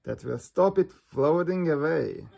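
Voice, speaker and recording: A cheery, reassuring daddy pig from a children's storybook, as the reader puts him on. The voice has a gravelly, breathy texture. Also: mid-range voice, lively intonation, a little slow, darkish tone, soft background music, exaggerated voice. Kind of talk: storybook read-aloud.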